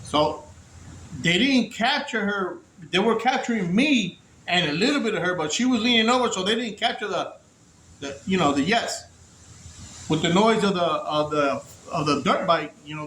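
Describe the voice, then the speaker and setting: Casual male vlogger, high voice, profane rambling storyteller, faint hum behind. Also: fairly bright tone. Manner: rambling, profane, restarts often. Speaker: former inmate telling his story. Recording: echoey room.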